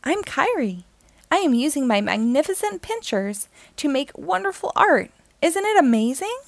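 A woman's voice: high-pitched, big pitch swings, moderate pace, creaky, no echo, pitched above the performer's own voice, exaggerated voice. A woman voicing a proud, cheerful male beetle artist who boasts enthusiastically about his work in a storybook reading.

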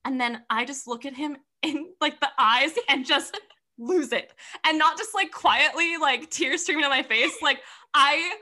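Young woman, high bright voice, animated casual storyteller, lots of "like". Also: a little slow. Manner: animated, laughing, fillers of "like".

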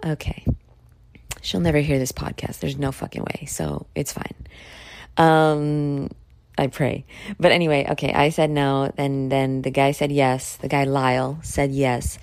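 Woman in her thirties, solo podcast host; deep voice, candid and profane, rambles casually. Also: level tone, unhurried, a little mellow, no room sound. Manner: candid, blunt, rambling with fillers and swearing.

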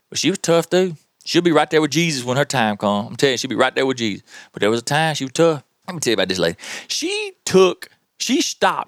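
A man with a Southern US accent hosting a podcast, telling tall tales in a folksy, animated way. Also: a little high, no room sound, clean studio sound. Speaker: podcast host. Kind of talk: tall-tale storytelling.

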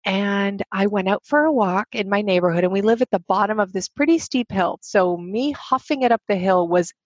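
A woman's voice: mid-range voice, normal speed, no echo, dull audio. A woman in her thirties telling a candid personal story, acting out the voices of the people in it. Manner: animated, acts out quoted voices.

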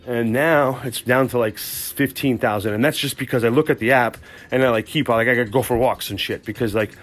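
A man hosting a podcast, telling a rambling, profane, excitable comic story from work. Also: mid-range voice, brisk. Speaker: podcast host. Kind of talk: casual comic storytelling monologue.

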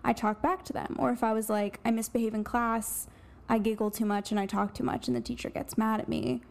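A woman's voice: a little high, fairly even intonation, brisk, creaky, darkish tone. A woman guesting on a podcast, chatting casually and laughing easily as she tells stories.

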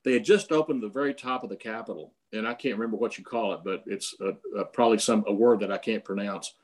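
A man's voice: on the low side, quick pace, a little mellow. Rambling older man telling anecdotes. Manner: rambling, many fillers and restarts. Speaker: guest storyteller.

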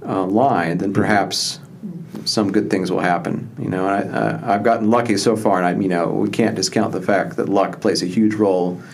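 A man in his thirties speaks in a low, gravelly voice as a guest in an interview. He talks thoughtfully and unhurriedly, with lots of fillers and restarts. A faint low rumble of noise sits under the recording. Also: steady tone, moderate pace. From southwestern Ohio. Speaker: historian guest. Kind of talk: conversational interview.

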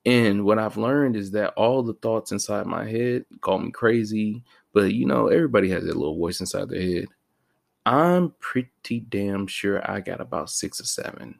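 A man's voice: on the low side, lively intonation, moderate pace, gravelly. A man talking in a slang-heavy, rambling and self-mocking casual monologue as a podcast host.

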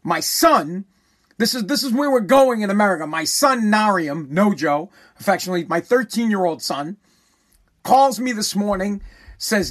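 High-voiced man ranting profanely. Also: animated, moderate pace, fairly bright tone. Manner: rambling, profane, repeats himself, emphatic. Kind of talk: casual monologue storytelling.

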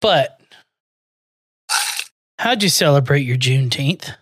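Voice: mid-range voice, animated, slow, fairly bright tone, husky, no echo. Podcast co-host, teasing and edgy, drives topic changes, dry close mic. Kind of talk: casual crude comedy chat.

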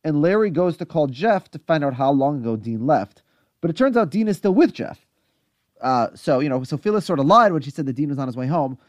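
Lively, animated male podcast recapper. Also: on the high side, a little fast, no room sound, clean studio sound. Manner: animated, chatty recapping with fillers and asides. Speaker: podcast co-host recapping a TV episode. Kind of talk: casual chat.

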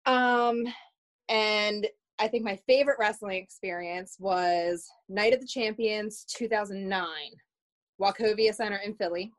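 Podcast guest, woman, excited and gushing, casual delivery. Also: medium pitch, measured pace. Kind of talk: casual chat.

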